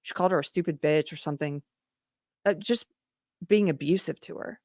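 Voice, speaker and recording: A woman's voice: sits low, fairly quick, darkish tone, no room sound, studio quality. A woman hosting a live show, telling a personal story in an earnest, conversational way with frequent restarts. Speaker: podcast host. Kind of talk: casual live-stream monologue.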